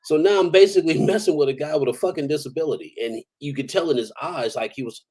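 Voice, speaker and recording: A man's voice: a little high, quick pace, darkish tone, husky, rough recording. A man, an army veteran, telling stories in a casual, profane, rambling way and chuckling now and then. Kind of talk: casual storytelling.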